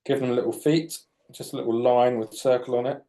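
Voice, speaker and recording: A man's voice: mid-range voice, steady tone, a little fast, dark tone. A man, a children's author chatting and joking as he draws live for young readers. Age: late 40s. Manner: chatty, jokey, explains while drawing. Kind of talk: live drawing demonstration for children.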